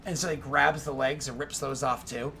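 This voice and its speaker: A man narrating as game master in a tabletop game, animated and full of fillers. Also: medium pitch, normal speed, gravelly, background noise.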